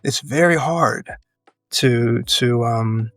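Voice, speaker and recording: A man talking in an interview as an educator and activist, earnest and reflective, building his points in measured phrases and laughing often. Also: mid-range voice, fairly bright tone, dry recording, faint music behind. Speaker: podcast guest, educator and activist.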